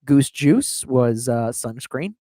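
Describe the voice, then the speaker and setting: A man's voice: mid-range voice, lively intonation, takes it slowly, dark tone, no room sound. Profane rambling livestreamer man. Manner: profane, rambling, laughs at own tangents. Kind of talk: rambling storytelling.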